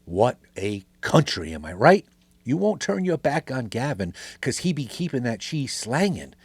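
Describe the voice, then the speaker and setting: A man's voice: mid-range voice, big pitch swings, unhurried, slightly rough, no room sound. A middle-aged man hosting a podcast, delivering an angry, sarcastic, swearing political rant. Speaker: podcast host.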